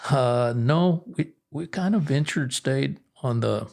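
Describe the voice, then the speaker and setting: A middle-aged man, a guest angler, telling fishing stories in a relaxed, rambling way with restarts. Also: mid-range voice, slow, gravelly. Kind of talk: casual storytelling.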